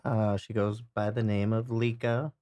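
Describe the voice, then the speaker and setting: A man's voice: lowish voice, little pitch movement, measured pace, warm tone. A man from Detroit hosting a podcast, talking casually and stumbling over his words. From Detroit, USA. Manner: stumbling, restarts a lot, easygoing. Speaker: podcast host. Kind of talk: casual chat.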